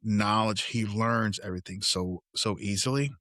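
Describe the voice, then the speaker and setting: A middle-aged man co-hosting a podcast tells family stories in a casual chat. He's animated and acts out the quoted dialogue in a fairly low voice at normal speed. The recording is dry and studio quality.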